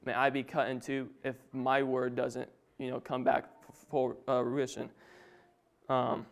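A man's voice: medium pitch, completely flat delivery, unhurried, vocal fry. A young man giving an informal Bible talk to his family, a little nervous, with casual asides and chuckles. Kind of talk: informal sermon.

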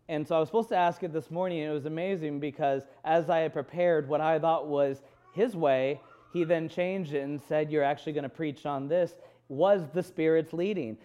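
Casting: a man preaching in a warm, smooth voice, candid and storytelling, slightly dull recording. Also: a little high, steady tone, normal speed, hardly any pauses. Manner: candid storytelling with quoted inner dialogue. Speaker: pastor. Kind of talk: sermon.

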